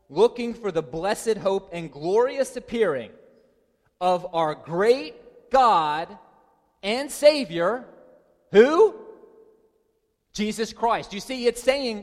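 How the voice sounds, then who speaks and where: A man preaching a sermon, reading verses and pressing his points with emphatic rises in pitch and volume. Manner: emphatic, rising high and loud to stress points. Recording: long hall reverb.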